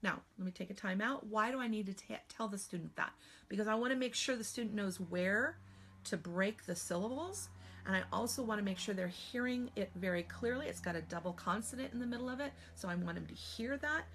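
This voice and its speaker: An American woman teaching spelling in a live online class. She talks in a chatty, animated way and sometimes slips into playful silly voices. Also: medium pitch, brisk. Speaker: spelling trainer.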